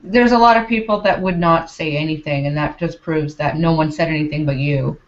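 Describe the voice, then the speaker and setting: A woman's voice: low-pitched, a little fast. A woman in casual chat, firm and emphatic, who repeats her points. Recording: dull lo-fi audio.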